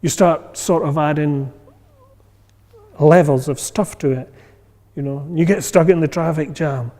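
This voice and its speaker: A man's voice: fairly high pitch, measured pace, darkish tone. A man teaching a meditation class in a loose, conversational way, full of fillers and checks for understanding. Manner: conversational, many fillers, acts out inner voices. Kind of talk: informal class talk. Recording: long reverb in a hall.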